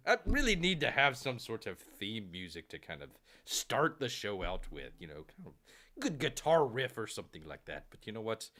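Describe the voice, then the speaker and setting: Lively, bright-voiced man rambling on a livestream. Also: on the low side, brisk. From Tampa Bay area. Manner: rambling and excitable, many fillers. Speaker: comics livestream host. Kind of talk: casual live-stream chat.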